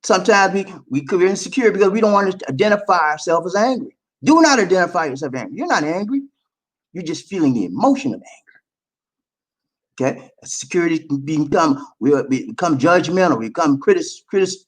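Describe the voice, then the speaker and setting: Animated man preaching relationship advice. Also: high-pitched, fast talker. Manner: animated, preachy, keeps checking in with listeners. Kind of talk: motivational advice talk to viewers.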